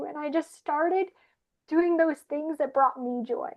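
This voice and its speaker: Woman, high voice, earnest animated testimony, dull lo-fi recording. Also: measured pace. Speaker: regular panelist. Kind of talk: personal spiritual testimony. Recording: muffled lo-fi audio.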